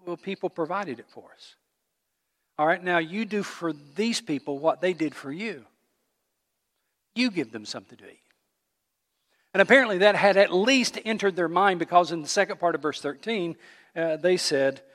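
A male pastor preaches with a bright, high voice. He tells the story in an animated way and keeps asking the congregation questions. His words ring out with a long hall reverb. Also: moderate pace, pauses often. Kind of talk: sermon.

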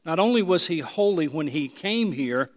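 A man preaching a sermon, emphatic and repeating his phrases, sometimes dropping to a hushed voice. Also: fairly high pitch, lively intonation, moderate pace. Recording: long hall reverb.

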